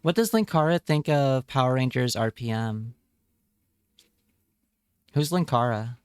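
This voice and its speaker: In a clean, echo-free studio-quality recording, a man with a mid-range, expressive voice chats casually on a live stream at an unhurried pace. He's playful, joking around and reading chat aloud.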